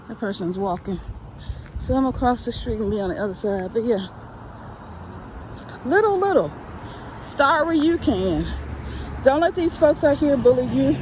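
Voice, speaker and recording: A breathless middle-aged woman walks down a neighborhood street, filming herself on her phone and urging viewers on with repeated, preachy encouragement. Her voice sits a little high for a woman. Faint outdoor street noise runs behind her. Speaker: vlogger. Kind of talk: casual motivational vlog while walking.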